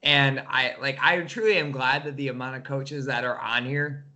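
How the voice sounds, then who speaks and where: A man chatting as a guest, effusive and halting, full of restarts. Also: medium pitch, sharp tone. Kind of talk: casual chat.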